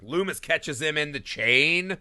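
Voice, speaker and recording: A man hosting a film podcast who swears freely and acts out scenes as he talks. His voice is bright and edgy, sits a little high and swings widely in pitch, with a dry, close sound. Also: unhurried, no room sound. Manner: animated, profane, acts out movie scenes. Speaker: podcast host. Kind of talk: casual film podcast chat.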